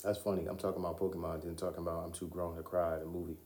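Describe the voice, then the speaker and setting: This young podcast host rambles solo about films, swearing freely and often laughing. His low-pitched, slightly mellow voice races along with a flat delivery, in a recording with roomy echo.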